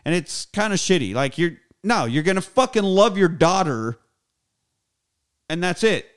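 A man talks through a film's plot in a loose, profane, animated rant. His voice is smooth and clean, and he keeps things casual. He sounds like a podcast host recapping for his co-hosts. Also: high-pitched, measured pace.

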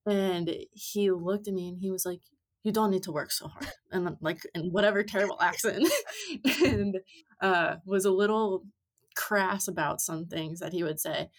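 A young woman in her twenties with a fairly low voice tells long stories as a podcast guest. She talks casually and chattily, with many likes and ums along the way. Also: moderate pace. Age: 20s. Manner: chatty storytelling with many fillers. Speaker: podcast guest, amateur rider. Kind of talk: casual interview chat.

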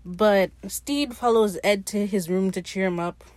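A young woman talks through a show's episode in a loose, chatty way, full of swearing and quick paraphrased quotes. Her voice sits at a middle pitch. The recording is dry and close, with no room sound around her. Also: no echo. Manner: chatty, profane, animated retelling with paraphrased character quotes. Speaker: podcast host recapping a show. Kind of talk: casual recap chat.

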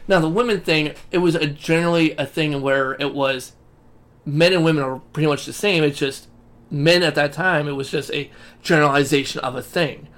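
A man's voice: fairly high pitch, fairly even intonation, brisk, fairly bright tone. A man co-hosting a podcast in casual chat, rambling and swearing freely. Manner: rambling and profane. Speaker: podcast co-host.

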